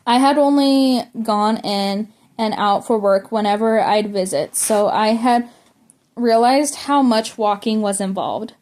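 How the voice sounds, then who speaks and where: A woman's voice: fairly high pitch, a little slow, darkish tone. A woman reading a memoir aloud, now and then tripping over words and starting them again. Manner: stumbles and restarts words while reading. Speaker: audiobook reader.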